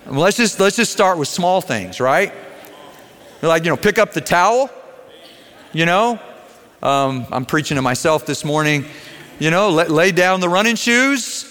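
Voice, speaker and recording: A man's voice: on the high side, lively intonation, unhurried, pauses often, fairly bright tone. A pastor preaching a sermon in a conversational storytelling way, putting direct questions to his congregation. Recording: long hall reverb.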